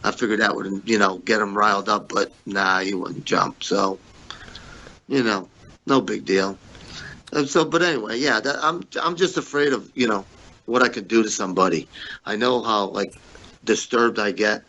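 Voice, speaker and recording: A man's voice: on the low side, normal speed, pushed and bright, lo-fi sound. A man, a former wrestler, telling stories as an interview guest in a rambling, casual way, repeating words and saying "you know" often. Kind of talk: casual storytelling.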